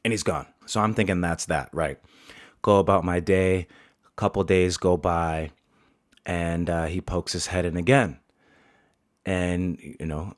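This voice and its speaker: A man's voice: sits low, steady tone, unhurried, no echo, studio quality. A man, a barber, telling a story casually, with lots of swearing and laughter.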